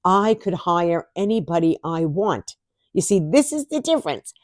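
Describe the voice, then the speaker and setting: A woman's voice: lowish voice, big pitch swings, moderate pace, a little mellow, dry recording, studio quality. A woman vlogger talking casually to camera, chatty and sarcastic, laughing often.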